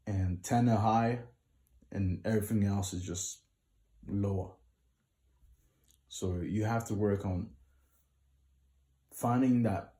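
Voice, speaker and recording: A man's voice: fairly low pitch, dark tone. A man who is a singer, giving vocal tips to viewers in a casual tutorial vlog and explaining step by step in short numbered lists.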